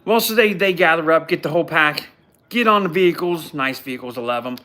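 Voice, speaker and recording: A man's voice: on the high side, a little fast, a little hiss or hum. Blunt, mocking man recapping a show. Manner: blunt, mocking, animated storytelling. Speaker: podcast host recapping a show. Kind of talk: casual live recap.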